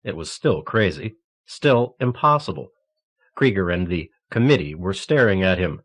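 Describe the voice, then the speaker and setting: A man reading a thriller novel aloud in a steady, measured narration. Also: deep voice. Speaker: audiobook narrator. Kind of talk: scripted narration. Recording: cassette audiobook transfer.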